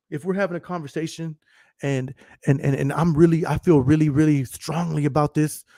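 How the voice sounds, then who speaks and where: Male podcast host, thirties, slightly high voice, dry close sound; brash, swearing, laughs a lot. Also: a little mellow, no room sound. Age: 30s. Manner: profane, emphatic, laughs often. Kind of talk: casual livestream monologue.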